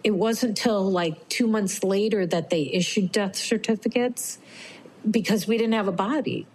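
A woman's voice: mid-range voice, normal speed, a little hiss or hum, poor audio. A middle-aged woman telling a personal story to an interviewer, acting out what others said. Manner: animated, acts out quoted voices.

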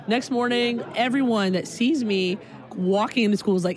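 A woman telling a personal story in an animated way, acting out the people in it. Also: on the high side, normal speed. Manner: animated, breaks into loud acted quotes.

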